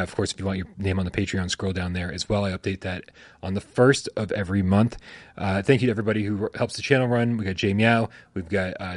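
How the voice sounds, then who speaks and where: A brash male host with a fairly low voice, swearing freely and rattling through thank-yous and plugs at a fast clip. The sound is dry and close, with no room around it. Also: no room sound. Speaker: channel host. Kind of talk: casual stream outro chat.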